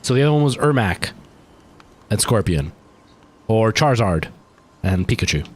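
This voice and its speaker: A man's voice: on the low side, very animated, normal speed. A man, streaming a game live, chatting casually and rambling to his viewers, sounding tired. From Canada. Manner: rambling, chatty, talking to chat while playing. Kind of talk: casual gaming stream chat.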